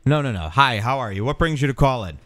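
A man's voice: mid-range voice, animated, fast, a bit bright, dry recording. A man hosting a call-in radio show, bantering with callers in a dry, sarcastic way. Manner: dry, sarcastic put-downs. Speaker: radio show host taking calls.

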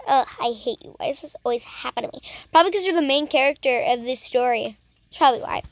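High-voiced young woman reacting on camera. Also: fairly quick, no echo. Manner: chatty and teasing, talking back at the screen. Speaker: reaction video host. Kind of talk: casual reaction commentary.

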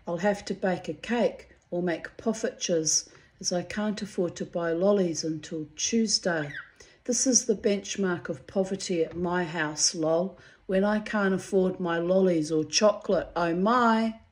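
A woman, reading her old diary entries aloud to her viewers and breaking off into candid, chatty asides, clearing her throat now and then. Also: fairly low pitch, measured pace, a little mellow. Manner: candid, muses aloud, swears freely, frequent throat-clearing.

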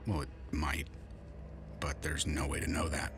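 An actor playing a weary industrial diver in a game, speaking in a slow, halting, subdued way. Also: male voice, a bass voice, flat delivery, music in the background. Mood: haunted. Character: weary male industrial diver, grim and haunted. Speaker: game narrator, the stranded diver recalling events. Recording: noisy game audio.

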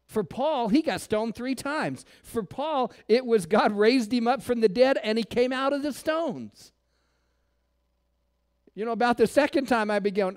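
A man with a notably high voice preaches a sermon to his congregation. He throws out rhetorical questions, then falls to hushed, almost whispered lines before rising again. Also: measured pace. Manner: preaches with sudden drops to near-whispers and rising calls. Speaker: pastor. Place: church.

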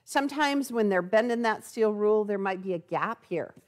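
Speaking at a moderate pace with a medium-pitched voice, a woman shows off products live in a sewing store. Her manner is animated and chatty, with lots of "okay?" tags as she checks in.

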